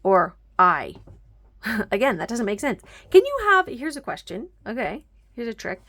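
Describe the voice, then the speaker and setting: A woman's voice: mid-range voice, lively intonation, unhurried, a bit bright, breathy edge. A woman teaching a grammar lesson at home, patiently explaining step by step and often checking that listeners follow.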